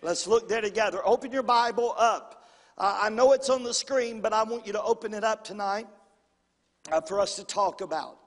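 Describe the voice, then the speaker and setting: At a moderate pace, a high-pitched pastor preaches folksily in a church sanctuary, repeating phrases and calling on the congregation to answer. The recording carries the long reverb of the hall.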